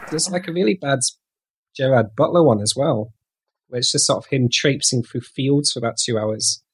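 A man's voice: mid-range voice, moderate pace, husky. A man guest chatting casually, telling a loose story with laughs. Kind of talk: casual chat.

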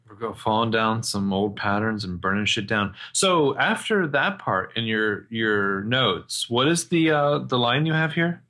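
A man's voice: on the low side, measured pace, few pauses, pushed and bright. A man co-hosting a podcast, chatting about a TV episode with wry jokes. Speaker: podcast co-host. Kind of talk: TV recap podcast chat.

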